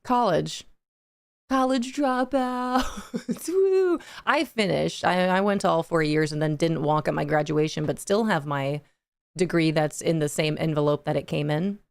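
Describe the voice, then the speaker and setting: A woman's voice: deep voice, normal speed, gravelly, darkish tone, no echo. Giggly young woman streamer, dry close mic. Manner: giggly, chatty, reads chat aloud and laughs often. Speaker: livestream gaming host. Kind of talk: casual chat with live chat.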